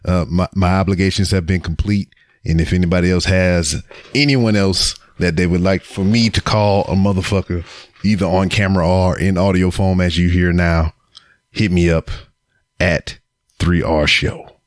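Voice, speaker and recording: Very deep-voiced man roasting on a podcast. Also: level tone, normal speed, dry recording. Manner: profane, joking roast delivered to camera. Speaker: podcast host. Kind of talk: casual solo podcast segment. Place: home recording setup on camera. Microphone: camera with mic.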